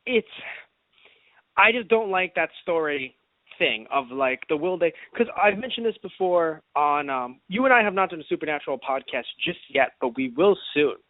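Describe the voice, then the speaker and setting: A man co-hosts a casual podcast and talks in an animated way. His voice sits high and swings widely in pitch. The sound is dry and narrow, like a phone line. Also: moderate pace, no room sound. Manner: animated, acts out mock quotes. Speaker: podcast co-host.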